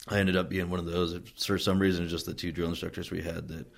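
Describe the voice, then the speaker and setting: A man from Wyoming recounts his military past in a loose, meandering interview. His voice sits very low and carries a gravelly fry. His pitch barely moves as he talks. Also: fast. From Wyoming, USA. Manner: relaxed, rambling, many fillers and restarts. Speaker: interviewee, Marine veteran. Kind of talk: casual oral-history storytelling.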